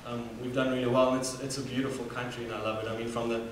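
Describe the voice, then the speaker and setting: With a flat delivery and a racing pace, a young man from Namibia in his 20s, mid-range in voice, tells a personal story as an earnest student speaker, full of fillers and restarts. The recording is distant, in a highly reverberant hall with faint hum.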